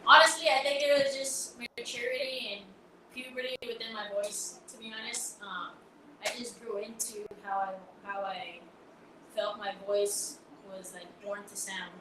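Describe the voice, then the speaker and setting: A woman's voice: mid-range voice, fairly even intonation, unhurried, roomy sound, background noise. A young woman, a singer being interviewed on the radio, talking casually and rambling with many fillers and restarts. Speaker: guest singer-songwriter.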